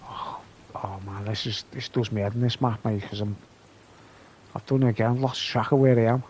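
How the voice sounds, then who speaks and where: Slow gravelly man streaming a game. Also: mid-range voice, darkish tone, a little hiss or hum. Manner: rambling, chatty, peppers talk with "mate". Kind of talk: live gameplay commentary.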